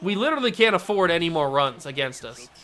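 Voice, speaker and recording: A man's voice: fairly high pitch, big pitch swings, quick pace, fairly bright tone, soft background music. A young man commentating his own baseball video game play, self-deprecating and exasperated at his mistakes. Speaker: gaming YouTuber host. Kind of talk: gameplay commentary.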